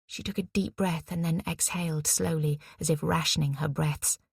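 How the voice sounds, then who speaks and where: A woman narrates a novel in a measured, steady way. Her lower voice is husky with a gravelly fry, recorded dry and close to the mic. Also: no echo. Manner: measured, even storytelling. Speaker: audiobook narrator. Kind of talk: scripted narration.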